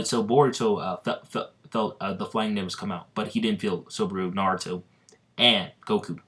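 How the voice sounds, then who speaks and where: A man improvising a fan-fiction story, rambling and halting with lots of fillers, restarts and giggles. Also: on the low side, fairly bright tone.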